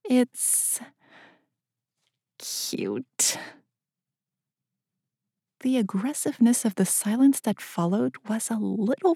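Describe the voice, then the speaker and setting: A woman narrating a first-person audiobook in a smooth, measured storytelling manner. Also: mid-range voice, dark tone, no echo, clean studio sound.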